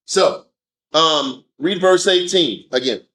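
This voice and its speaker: A man leading a group scripture discussion, animated and firing off rhetorical questions. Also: a little high, slow pace. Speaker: discussion leader.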